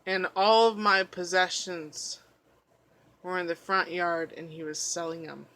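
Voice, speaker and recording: A drowsy mother talking in her sleep and making insistent demands, as a woman quotes her. The voice is bright and forceful and stays slow and dreamy. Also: lowish voice, fairly even intonation, low-quality recording.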